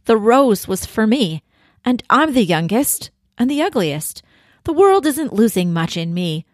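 A woman's voice: on the high side, sing-song, unhurried, no room sound, clean studio sound, pitched above the performer's own voice. A woman reading aloud as a headstrong, determined young woman of eighteen in a storybook passage. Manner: read-aloud storybook narration, first person.

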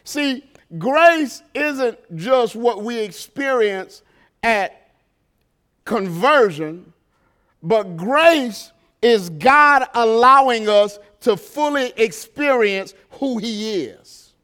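High-voiced, unhurried male preacher. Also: expressive, pushed and bright, clean tone. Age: adult parent. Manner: preaching with rhetorical questions to the congregation. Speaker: pastor. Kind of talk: sermon.

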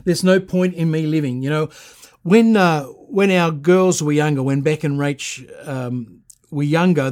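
A man's voice: on the high side, a little mellow. A middle-aged man preaching a sermon as pastor, reading scripture aloud and building emphasis with repeated phrases.

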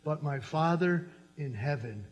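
A man voicing a calm, knowing male teacher who speaks softly and gently, in an echoey hall. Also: a little high. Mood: gentle. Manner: soft, measured, gentle.

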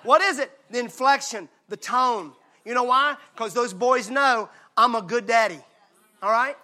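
A male pastor preaching a sermon. He swings from hushed, intimate lines to loud, shouted emphasis. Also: very high-pitched, measured pace.

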